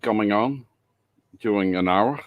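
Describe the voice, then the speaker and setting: A somewhat low-voiced man hosts a casual live-stream chat. He speaks bluntly and haltingly, with lots of fillers and restarts. The sound is dry and close, with no room echo. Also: phone-quality sound. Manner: blunt and outspoken. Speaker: livestream host.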